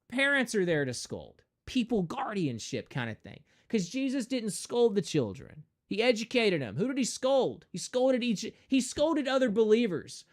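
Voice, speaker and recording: A male streamer holds forth in a casual, preachy rant with a lively pitch that swings up and down. He talks emphatically and slips into quick mocking voices to make his point.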